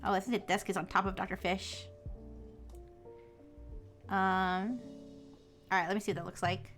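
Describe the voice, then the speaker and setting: A woman's voice: mid-range voice, flat delivery, moderate pace, fairly bright tone, soft background music. A young woman VTuber chatting casually on a live stream, giggly and rambling. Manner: giggly, rambling, self-mocking.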